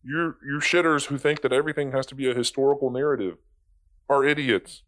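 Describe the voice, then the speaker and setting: A man's voice: medium pitch, a little fast, fairly bright tone. A young man giving profane, exasperated commentary in a sarcastic, casual rant. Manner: sarcastic, exasperated, swears freely. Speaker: video commentator.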